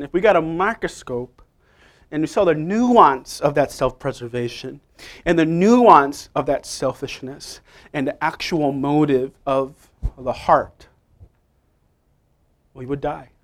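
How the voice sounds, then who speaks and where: A male pastor preaching a sermon, emphatic and playful, swinging from quiet asides to loud stresses. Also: on the high side, measured pace.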